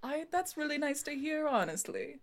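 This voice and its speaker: A woman's voice: high voice, expressive, moderate pace. A woman voicing a vain, flamboyant young male musician who thinks he is a star, talking with an affected put-on accent and calling people honey. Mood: sheepish. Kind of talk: tabletop role-play acting.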